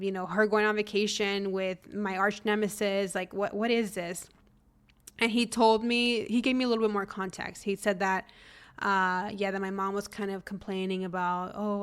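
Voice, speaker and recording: Smooth-voiced woman telling a story. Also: mid-range voice. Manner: animated, acts out family members' lines. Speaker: podcast host. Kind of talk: casual storytelling monologue.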